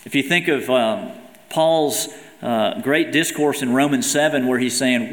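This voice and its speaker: Male pastor, earnest sermon delivery with emphatic scripture readings, mid-pitched voice, recorded in a reverberant church hall. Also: animated, moderate pace, fairly bright tone. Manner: earnest preaching, reads scripture quotes aloud with emphasis. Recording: echoey hall with long reverb.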